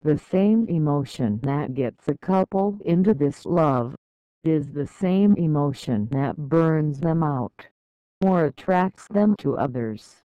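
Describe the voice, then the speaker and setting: Slow, smooth, measured spoken-word reciter. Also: medium pitch, no echo, highs cut off.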